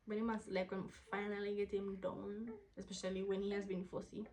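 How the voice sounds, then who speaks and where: A young woman, answering viewer questions in a candid, casual vlog, sometimes dropping into a soft whisper. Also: medium pitch, little pitch movement, fairly quick, poor audio. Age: young adult. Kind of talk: casual Q&A to camera.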